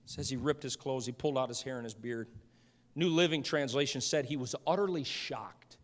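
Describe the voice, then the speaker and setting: A man preaching a passionate sermon as pastor, building up to shouts. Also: medium pitch, fairly quick. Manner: impassioned preaching, swelling to shouts. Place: church sanctuary. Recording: church hall reverb.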